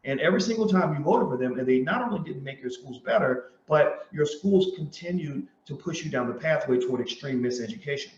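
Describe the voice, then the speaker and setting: A man with a high-pitched voice delivers a passionate commentary, pressing his points again and again and acting out the conversations he retells. The sound is roomy and dull, like a lo-fi recording in an echoey room. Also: lively intonation, fairly quick, hardly any pauses. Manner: emphatic, repeats points, tells stories with quoted dialogue. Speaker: host and commentator. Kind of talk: impassioned commentary monologue.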